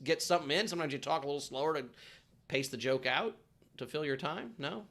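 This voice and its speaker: A man's voice: fairly high pitch, fast talker, a bit bright. A man, a guest stand-up comic, telling rambling stories over a video call and laughing through them. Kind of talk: animated anecdote telling.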